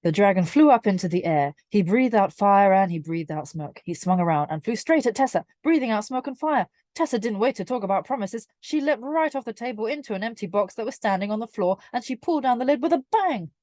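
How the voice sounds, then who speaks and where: A woman reading a children's picture book aloud in a clear, measured way. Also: mid-range voice, lively intonation, warm tone, no echo. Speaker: storyteller.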